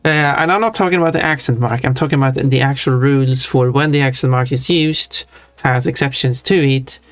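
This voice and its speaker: A man's voice: mid-range voice, brisk, no echo. A man in casual stream chat who thinks aloud, chatty and easily drawn into tangents about language.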